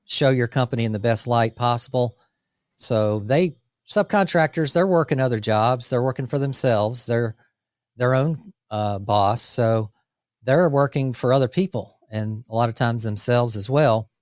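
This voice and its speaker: Energetic man co-hosting a business podcast. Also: mid-range voice, no echo, studio quality. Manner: energetic, talks through lists with quick asides. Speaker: podcast co-host, landscape business owner. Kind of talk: casual business podcast chat.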